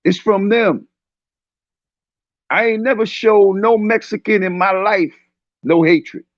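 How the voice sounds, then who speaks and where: A man's voice: high voice, steady tone, slow pace, no echo. A man in his fifties speaking in a heated online discussion, preachy and confrontational, raising his voice at times, over dull lo-fi stream audio. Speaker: panel speaker.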